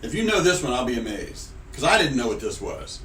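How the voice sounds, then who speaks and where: A man hosts a playful chat show, his pitch bouncing all over as he teases his co-host. He sits back from the mic in a roomy, echoing space, with a faint hiss underneath. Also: sing-song, a bit bright, distant mic. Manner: playful, teasing, spells words out slowly. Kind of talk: casual chat.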